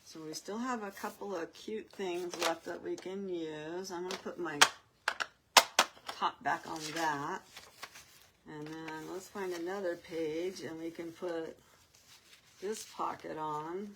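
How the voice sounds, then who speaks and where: Brief: older woman host, low voice, unhurried rambling craft-table chat, faint hiss behind. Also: fairly even intonation. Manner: chatty, rambling, with soft laughs.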